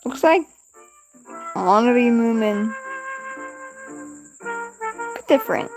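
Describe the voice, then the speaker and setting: A woman's voice: a little high, lively intonation, slow pace, music in the background. A woman casually reacting live to a storybook, laid-back and swearing offhandedly. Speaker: streamer reacting.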